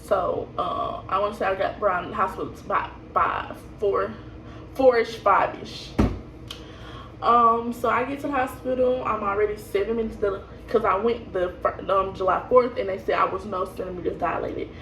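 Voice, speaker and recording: A woman's voice: mid-range voice, normal speed, noisy background. A young woman telling her birth story casually, rambling and laughing, with lots of fillers and restarts. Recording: echoey room, voice from a distance.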